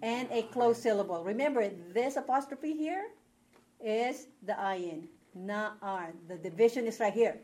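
A woman's voice: on the high side, animated, normal speed, mellow, a little hiss or hum. A woman teaching a Hebrew reading class, patiently checking that her students follow along. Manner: patient, checks understanding with "okay?". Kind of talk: classroom lesson.

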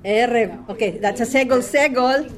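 A woman's voice: fairly high pitch, moderate pace. A woman teaching a class, patient, repeating words and checking in with frequent questions. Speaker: Hebrew teacher.

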